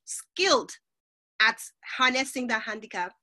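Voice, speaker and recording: A woman's voice: fairly high pitch, a little slow. A woman hosting a podcast, chatting casually and telling stories animatedly. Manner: animated storyteller, laughs often. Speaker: podcast host. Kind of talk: casual conversation.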